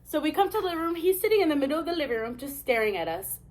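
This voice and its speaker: A woman's voice: high-pitched, big pitch swings, racing, darkish tone. A young woman vlogger dramatically retelling a story, full of "I'm like" asides. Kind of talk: storytime narration.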